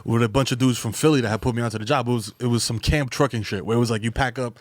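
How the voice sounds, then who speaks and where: A man from the Bronx with a New York accent, co-hosting a podcast and telling loud, profane stories full of acted-out voices. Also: mid-range voice, fairly even intonation, very fast, no room sound. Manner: loud, profane storyteller who acts out street voices. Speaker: podcast co-host. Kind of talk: casual chat.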